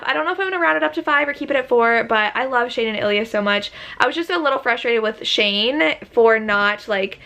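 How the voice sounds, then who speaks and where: A woman's voice: fairly high pitch, pushed and bright. A young woman chatting casually in a reading vlog, gushing with enthusiasm and filling her talk with "like". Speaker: book vlogger.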